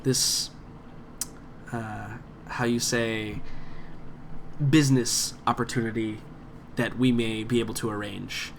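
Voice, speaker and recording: A man's voice: lowish voice, flat delivery, vocal fry, a little hiss or hum. Man voicing a suave scheming businessman. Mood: smooth, courteous. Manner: formal, measured, polite phrasing. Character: suave male alien businessman, courteous, calculating.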